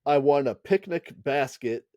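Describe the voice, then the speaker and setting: A man's voice: mid-range voice, measured pace, dark tone, no echo, studio quality. A man co-hosting a podcast in casual chat, rambling and laughing often. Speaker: podcast co-host.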